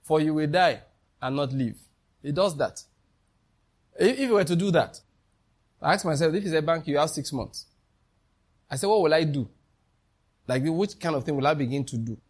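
A man's voice: a little high, animated, normal speed, long pauses, a little mellow, breathy edge. A man, preaching a sermon as pastor, emphatic and calling out questions to the congregation.

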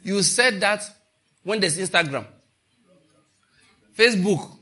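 Male preacher, animated storyteller, husky edge, bright tone. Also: high-pitched, takes it slowly. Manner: animated, storytelling with laughter and acted-out quotes. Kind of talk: sermon.

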